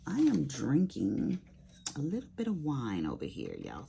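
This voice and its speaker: Sassy, gravelly-voiced woman chatting slowly. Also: a bass voice, huge pitch swings, warm tone, a little hiss or hum. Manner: chatty, sassy, rambling storyteller. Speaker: crafting vlogger. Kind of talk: casual chat while diamond painting.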